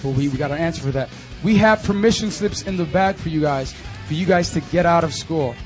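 A young man in his twenties giving an animated, chatty testimony and announcements to a youth group at a church service. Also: fairly high pitch, fairly quick, faint music behind. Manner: animated and conversational, full of fillers. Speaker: youth ministry speaker.

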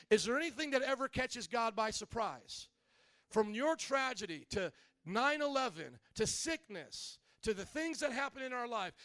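A man preaching a humorous sermon in a church, joking and animated, calling out to the congregation. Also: sits high, dry recording. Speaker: pastor.

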